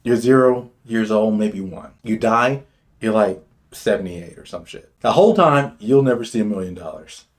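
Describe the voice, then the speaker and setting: A man hosting a commentary show, talking in a brash, swaggering and profane way, jumping from loud bursts to muttered asides. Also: fairly low pitch, normal speed. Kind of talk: opinionated commentary monologue.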